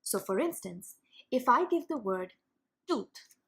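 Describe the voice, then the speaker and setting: A young woman hosting a reading lesson video, explaining clearly and sounding out demonstration words slowly. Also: on the high side, animated, a bit bright, a little hiss or hum. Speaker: teacher and channel host. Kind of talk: instructional video for parents and teachers.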